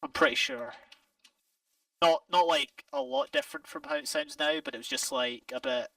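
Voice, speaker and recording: A man's voice: extremely high pitch, wildly swooping pitch, moderate pace, gravelly, pushed and bright, dry recording, recorded from a distance, rough recording. A Scottish man chatting casually while playing a game, rambling and correcting himself, laughing often. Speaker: game player. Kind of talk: casual gameplay chat.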